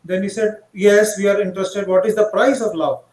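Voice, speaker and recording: High-voiced man telling devotional stories. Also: fairly even intonation, darkish tone, echoey room, rough recording. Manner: halting, many fillers and restarts, acts out quoted dialogue. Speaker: monk giving a talk. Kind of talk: devotional storytelling talk.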